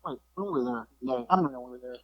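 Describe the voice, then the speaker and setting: A middle-aged man, a wrestling promoter, telling backstage stories in an animated way with frequent restarts. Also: medium pitch, rapid-fire, no echo. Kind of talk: casual storytelling. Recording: dull, dry lo-fi audio.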